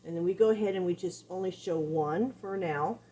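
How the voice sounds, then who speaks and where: A woman's voice: lowish voice, fairly quick, warm tone, slight background noise, low-quality recording. A woman dog trainer giving a casual, conversational lesson, explaining with everyday examples. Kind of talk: instructional talk.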